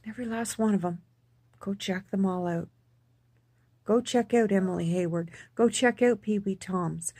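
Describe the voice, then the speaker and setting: A woman talking casually in a personal vlog, halting with frequent restarts and repeating words for emphasis. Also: mid-range voice, darkish tone, no echo. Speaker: vlogger.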